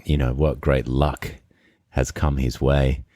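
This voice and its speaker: A man hosting a podcast, retelling a fairy tale in a relaxed, conversational way before discussing it. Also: extremely low pitch, takes it slowly, no echo, studio quality. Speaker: podcast host. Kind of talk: conversational storytelling and commentary.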